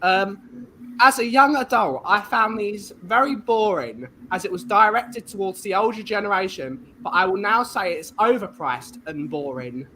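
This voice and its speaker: A woman's voice: mid-range voice, expressive, moderate pace, pushed and bright, a little hiss or hum, poor audio. A woman hosting a casual talk show who reads reviews aloud and quizzes her guests in a chatty, teasing way. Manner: chatty, teasing quiz host. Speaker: podcast host.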